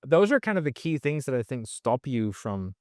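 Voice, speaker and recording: A man appearing as a podcast guest rants bluntly and animatedly in casual conversation, swearing a lot. His voice is mid-range at a normal speed. The recording is dry, with clean studio sound.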